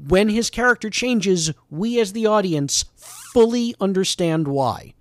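Emphatic, animated man talking movies. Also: high voice, a little slow, dry recording, studio quality. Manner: emphatic, opinionated. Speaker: podcast guest. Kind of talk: casual movie chat.

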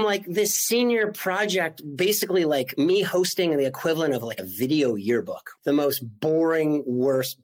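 A man in his forties telling a story as an interview guest, animated and full of "like" fillers. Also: a little high, a little slow. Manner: animated, acts out quoted voices, many "like" fillers. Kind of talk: storytelling in conversation.

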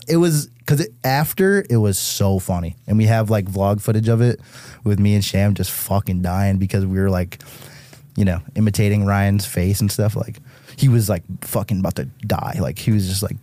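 A young man from Massachusetts tells tour stories on a podcast. He talks casually and with a lot of animation, peppering his speech with "like" and swearing. His voice sits low and mellow, and the recording is dry and close. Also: no echo. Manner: animated, swears often, heavy use of "like". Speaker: guest musician.

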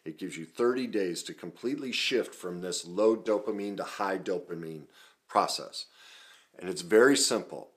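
A man's voice: low voice, normal speed. A middle-aged man, a self-help coach, talking earnestly and emphatically in a video, sharing his own story.

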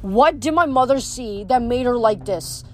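A woman's voice: on the high side, lively intonation, moderate pace, slight background noise, close to an everyday voice. A woman reading aloud, voicing a hurt, angry teenage boy who speaks bitterly with a raised voice.

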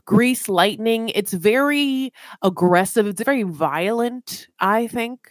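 A woman's voice: a little high, animated, takes it slowly, dry recording, studio quality. A woman co-hosting a casual podcast recapping a reality TV show, teasing and sarcastic with mock-dramatic asides. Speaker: podcast co-host.

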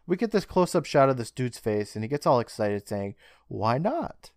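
A man co-hosting a casual podcast, retelling a show's scenes and dropping into quick character voices as he goes. His pitch swings widely and he laughs often. The sound is dry and close, with no room around it. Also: animated, a little mellow, clean tone, no echo. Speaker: podcast co-host. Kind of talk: casual recap chat.

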